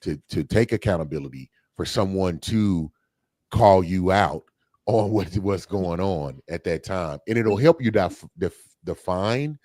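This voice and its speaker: A man's voice: deep voice, expressive, measured pace, a little mellow, no room sound, clean studio sound. A man co-hosting a podcast, talking things through in a casual, thoughtful way with fillers and restarts. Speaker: podcast co-host. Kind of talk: casual discussion.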